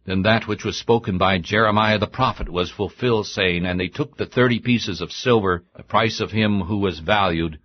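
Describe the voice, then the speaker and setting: A man giving a steady, solemn, unhurried reading of scripture. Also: low voice, dull audio. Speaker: scripture reader.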